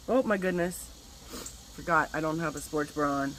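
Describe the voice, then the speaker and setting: A woman's voice: fairly low pitch, lively intonation, moderate pace, a little hiss or hum, rough recording. Candid middle-aged woman telling a story. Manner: candid, casual swearing, spiritual talk. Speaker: wellness vlogger. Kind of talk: personal storytelling monologue.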